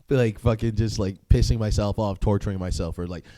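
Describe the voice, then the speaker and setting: A man's voice: fairly low pitch, wildly swooping pitch, a little slow, dark tone, dry recording. A young man hosting a solo podcast, talking casually in a profane, rambling way, with frequent laughs and filler words. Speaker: podcast host.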